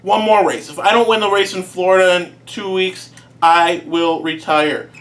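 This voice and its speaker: A man playing a cocky, aging cartoon race car who talks impatiently and pushes hard to get his way. The voice sits fairly high and a little distant from the mic. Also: fairly even intonation, moderate pace, a bit bright. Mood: pleading.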